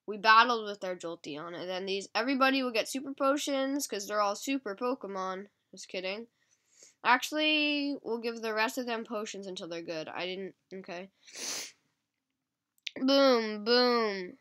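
A woman with a stuffy, sniffly nose giving casual, excitable gameplay commentary to her viewers. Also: mid-range voice, normal speed. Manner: chatty, excitable, talking to viewers. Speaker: mobile game channel host.

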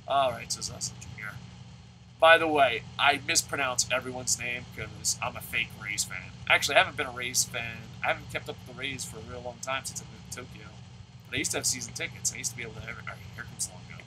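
A man with a strikingly bright, forceful voice talks over his baseball video game, swearing and yelling at players. A faint noise hums under his commentary. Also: medium pitch, fast talker, rough recording. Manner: excitable, swearing, yells at the game. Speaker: gaming video host. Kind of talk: let's play commentary. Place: at home.

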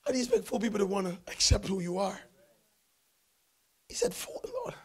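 A man preaching a sermon in church, swinging from hushed tones to loud shouting. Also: high-pitched, brisk, breathy edge. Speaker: pastor.

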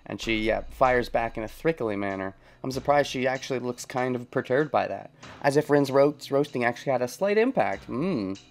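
A man's voice: medium pitch, animated, moderate pace, vocal fry. Chuckling man commenting on a game. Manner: thinks aloud, chuckles often. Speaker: let's play host.

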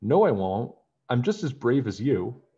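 A man's voice: medium pitch, sing-song, unhurried, warm tone, husky, highs cut off. A man voicing an eager, brave young palace maid girl, read aloud from a storybook. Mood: plucky. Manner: eager, plucky.

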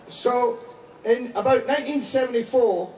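A man's voice: extremely high pitch, moderate pace, darkish tone, reverberant, recorded from a distance, slight background noise, low-quality recording. A man in his forties giving a crude, joking speech to a crowd. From Scottish parents, raised in England and Canada. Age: 40s. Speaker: public speaker.

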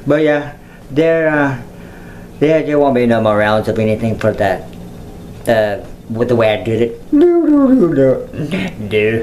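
A man's voice: mid-range voice, fairly even intonation, measured pace, long pauses, a little mellow, slight background noise, poor audio. A man chatting casually to viewers on a livestream, playful and giggly, often slipping into mocking sing-song voices. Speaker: YouTuber.

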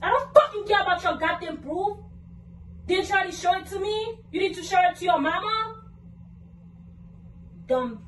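A young woman vlogger arguing in anger, cursing and repeating herself, at times breaking into shouts. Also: very high voice, normal speed, pauses often. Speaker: vlogger, girlfriend in a prank video. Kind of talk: heated casual argument. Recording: echoey room, mic at a distance, faint noise.

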